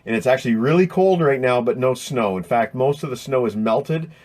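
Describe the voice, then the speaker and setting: A man's voice: medium pitch, lively intonation, a little fast, a little mellow. A man hosting a live stream from indoors, chatting casually and joking while he answers viewer questions. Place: indoors next to a window.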